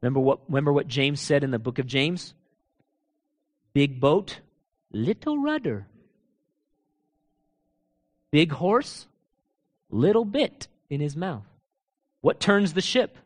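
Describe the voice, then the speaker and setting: Preaching a sermon animatedly, a man with a notably high voice fires off rhetorical questions and drops casual asides, laughing with the congregation. He swings from loud, ringing proclamations to low, quiet emphasis, taking it slowly with long pauses.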